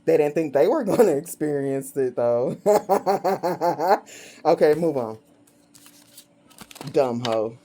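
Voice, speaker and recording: A woman's voice: low voice, measured pace, pauses often, dark tone. A woman doing a casual tarot reading, blunt and profane, often breaking into laughter as she mocks her subjects. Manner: blunt, profane and gleefully mocking; laughs often between phrases. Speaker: tarot reader.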